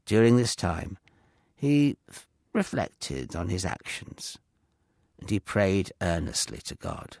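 Man, storyteller, dramatic narration, animated pitch, unhurried. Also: vocal fry, dry recording, studio quality. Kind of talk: scripted Bible story narration.

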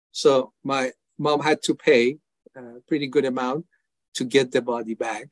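A man's voice: medium pitch, steady tone, a little slow, no echo. An older man from Iran, an evangelist giving an earnest personal testimony in an interview, acting out his prayers as dialogue. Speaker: evangelist guest.

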